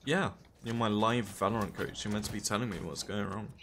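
A man's voice: lowish voice, a little fast. A man streaming a shooter game, chatting casually, joking and grumbling about his teammates. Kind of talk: casual gaming chat. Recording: noisy stream audio.

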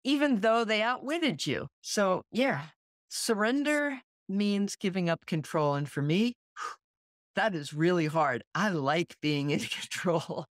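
A woman's voice: on the low side, lively intonation, slow, dry recording, clean studio sound. A woman co-hosting a podcast in casual chat, speaking in a reflective, earnest way. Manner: reflective and earnest, with soft laughs. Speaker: podcast co-host.

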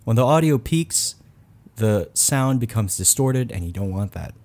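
A man giving a voice-over tutorial in a low, deliberate announcer style, recorded close on a condenser mic in a quiet room at home. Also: expressive. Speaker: YouTube tech reviewer.

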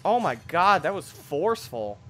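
A young man giving excitable, jokey commentary over a video game, bursting into shrieks and yells. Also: high voice, normal speed, slight background noise. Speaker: gameplay commentator. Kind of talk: let's play commentary.

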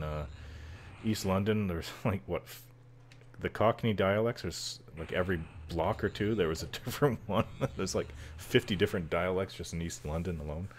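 A man talks over his game in an extremely deep, low voice. He rambles loosely, full of ums and little chuckles, and a faint hiss of noise sits behind him. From Canada. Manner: rambling, chuckles often, many fillers. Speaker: gameplay commentator. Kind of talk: casual let's-play chatter.

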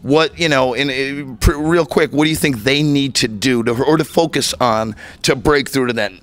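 A man's voice: medium pitch, normal speed. A man hosting an interview show, speaking casually with many fillers and praising his guest. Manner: relaxed, uses fillers, warmly praises guest. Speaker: host.

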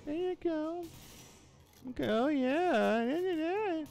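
A man with a notably high voice streams a shooter game and narrates his play live. He heckles his enemies with playful trash-talk and quick taunting one-liners. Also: lively intonation, creaky, darkish tone. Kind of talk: live gameplay commentary.

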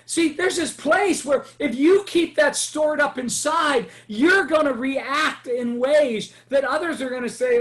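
A man's voice: very high voice, takes it slowly, fairly bright tone. A male pastor preaching a sermon with passion, acting out prayers in the first person and often raising his voice. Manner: impassioned, acts out prayers and quotes, often raises voice.

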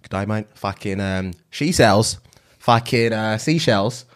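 A man voicing a gruff Australian man in a put-on Australian accent with a low, throaty delivery. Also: animated, unhurried. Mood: jokey.

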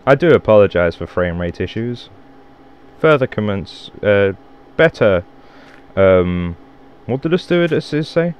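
A man's voice: fairly low pitch, expressive, unhurried, pauses often, clean tone. A man giving rambling let's play commentary, swearing and mocking himself as he plays at home. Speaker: gamer.

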